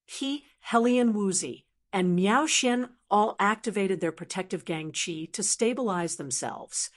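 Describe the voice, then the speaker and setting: A woman narrating a fantasy web-novel audiobook in a steady, even reading. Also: mid-range voice, unhurried, hardly any pauses.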